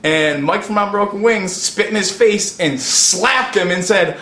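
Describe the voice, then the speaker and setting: A man in a casual interview, telling a story in an excitable, profane way and saying "dude" constantly. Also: high voice, a little slow, few pauses. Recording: echoey room.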